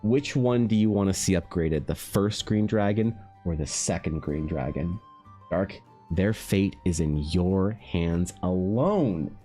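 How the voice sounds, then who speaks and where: A man's voice: sits low, slow, dark tone, soft background music. A man streaming his art, chatting casually and ranting with exasperation and a lot of swearing as he talks straight to his viewers. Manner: exasperated, profane ranting to chat. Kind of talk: casual livestream chat.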